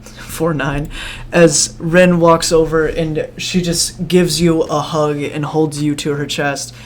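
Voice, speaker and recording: A game master casually narrating a tabletop role-play, pausing and restarting as they go. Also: medium pitch, level tone, slight background noise. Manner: casual, with halting fillers and restarts.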